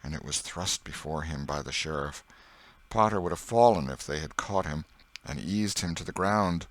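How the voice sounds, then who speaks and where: A man reading an audiobook with dramatic, expressive narration. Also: rumbling low, moderate pace, dry recording.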